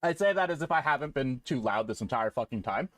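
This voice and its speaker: A man streaming live, chatting casually with viewers in a profane, rambling, jokey way, now and then breaking into loud mock rants. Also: mid-range voice, expressive, quick pace, no echo.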